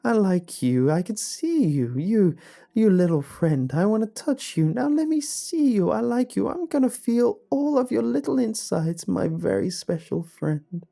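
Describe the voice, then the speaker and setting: A man voicing an unhinged unseen presence, speaking in a shrill, frantic, repetitive way. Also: big pitch swings, a little slow, vocal fry, warm tone, full character voice. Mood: frantic menace. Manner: frantic, shrill, repeating itself.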